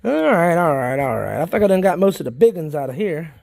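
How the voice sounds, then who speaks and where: He talks fairly quickly in a creaky voice with a fairly high pitch. A worm farming vlogger from South Carolina, he keeps up a casual, folksy chat as he films his worm bins, rambling and getting excited easily.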